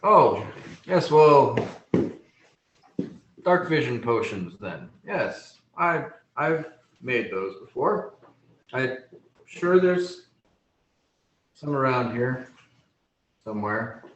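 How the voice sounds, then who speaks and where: A man voicing a fussy male gnome apothecary shopkeeper in a high, fluttery, eager-to-please voice. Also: very animated, very slow, pauses often, echoey room, muffled recording, a little hiss or hum.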